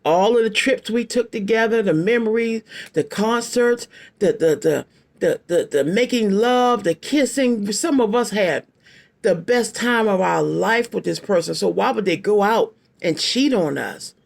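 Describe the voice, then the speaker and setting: A woman's voice: mid-range voice, lively intonation, unhurried, vocal fry. A woman in her late fifties giving a casual tarot reading to her viewers, blunt and emphatic, repeating her phrases and using slangy, folksy talk. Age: 50s. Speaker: tarot card reader.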